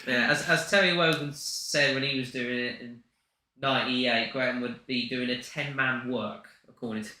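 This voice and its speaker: A man's voice: medium pitch, fairly even intonation, bright, forceful tone, echoey room. A young man co-hosting a livestream in casual, joking chat. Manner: chatty, quick to joke. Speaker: livestream co-host.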